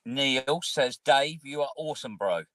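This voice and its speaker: A man hosting a casual livestream from his car, relaxed and encouraging, reading out viewer comments. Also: medium pitch, unhurried, over a noisy crowd. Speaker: livestream host. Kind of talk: casual chat.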